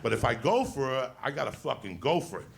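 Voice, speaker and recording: A man telling a profane, animated stand-up story with shouted bursts, recorded at a live show. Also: mid-range voice, fast, vocal fry, crowd noise. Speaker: stand-up comedian. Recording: live club show with audience laughter. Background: audience laughing.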